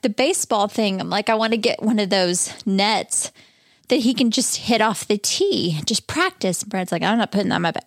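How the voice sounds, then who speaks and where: A woman in her thirties co-hosting a candid chat podcast, talking in an earnest, rambling way with halting restarts. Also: on the high side, no echo, studio quality. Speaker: podcast co-host.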